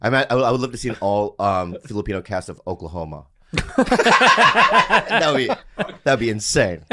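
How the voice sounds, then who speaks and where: A man on a comedy podcast telling jokes in casual chat, often breaking into high laughter. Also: very animated, normal speed, heavy background noise. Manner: giggly, bursts into high laughs. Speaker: podcast co-host.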